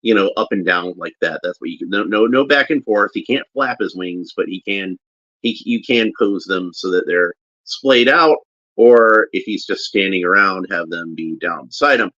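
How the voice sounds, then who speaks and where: Low-voiced man doing relaxed toy commentary. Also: no room sound. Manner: halting, with frequent restarts while handling a figure. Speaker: toy reviewer. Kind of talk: casual unboxing commentary. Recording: dull lo-fi recording.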